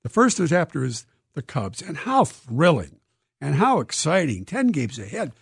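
A man, an author being interviewed, telling stories in a lively, dramatic way and acting out quotes. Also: fairly high pitch, a little slow, creaky, slightly rough, no room sound, studio quality. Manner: lively, dramatic storyteller who acts out quotes. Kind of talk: animated interview storytelling.

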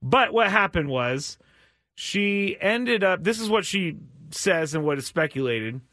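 A man hosting a sports talk show, chatting casually and rambling with frequent restarts and sudden jumps in pitch. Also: sing-song, measured pace, pushed and bright, dry recording, studio quality. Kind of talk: casual chat.

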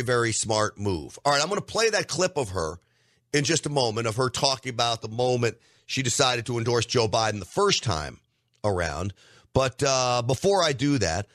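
A man's voice: mid-range voice, lively intonation, normal speed, fairly bright tone, no echo, clean studio sound. A middle-aged man hosting a podcast, delivering an emphatic opinion monologue straight to his listeners. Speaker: podcast host.

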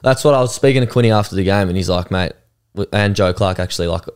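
Young Aussie male guest, smooth low monotone voice, deadpan. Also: fast. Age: young adult. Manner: flat, monotone delivery. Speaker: guest cricketer. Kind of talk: casual chat.

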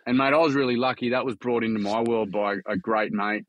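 A man's voice: on the low side, steady tone, fast talker, few pauses, dry recording, dull audio. A young Australian man telling his own story in a casual podcast chat, earnest and frank with some swearing. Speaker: charity founder and workshop facilitator.

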